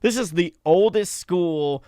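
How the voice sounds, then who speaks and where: A male co-host with a slightly raised pitch trades playful banter. He keeps throwing in quick, exaggerated jokes. His voice is recorded dry in a studio. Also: dark tone, smooth, dry recording. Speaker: podcast co-host.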